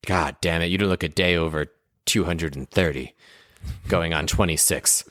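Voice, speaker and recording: A young man playing a tabletop game who complains in character and narrates the scene, often exasperated and whiny, with sudden high squeaks. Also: moderate pace, a bit bright, no echo, studio quality. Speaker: player.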